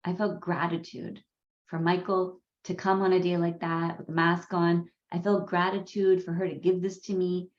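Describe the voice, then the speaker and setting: A woman whose first language is Gujarati, hosting a parenting course in a candid, animated storytelling way with frequent laughs. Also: lowish voice, moderate pace. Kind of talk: conversational course talk. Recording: roomy, slightly dull sound.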